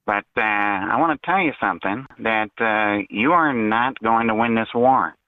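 A man's voice: fairly low pitch, a little slow. A boastful caller in a cartoonish put-on voice, as a man plays him drawls his lines and keeps saying "mister". The sound comes through a tinny phone line. It is dry, with no room echo. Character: gruff male prank caller in a cartoonish put-on voice.

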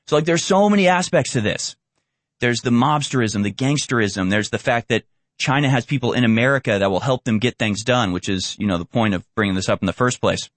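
Animated man hosting commentary, dry sound. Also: on the low side, fast, dry recording. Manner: animated, acts out quoted voices mockingly. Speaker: commentary show host. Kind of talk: casual political commentary over video clips.

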